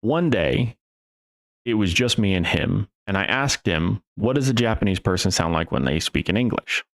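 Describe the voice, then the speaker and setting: A man's voice: on the low side, lively intonation, a bit bright. A man hosting a podcast, talking in a casual, rambling monologue full of restarts and the odd curse word. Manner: rambling and profane, with restarts and trailing pauses. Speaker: podcast host.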